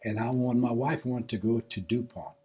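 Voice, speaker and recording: An older man being interviewed for an oral history, recounting his past in a casual, animated way and acting out the dialogue. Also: medium pitch, normal speed, breathy edge. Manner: animated storyteller who acts out quoted dialogue. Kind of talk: casual spoken recollection.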